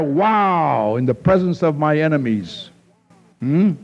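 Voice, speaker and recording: A man preaching a sermon, his voice rising to emphatic peaks and then dropping low and slow. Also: animated, darkish tone. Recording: dull lo-fi recording.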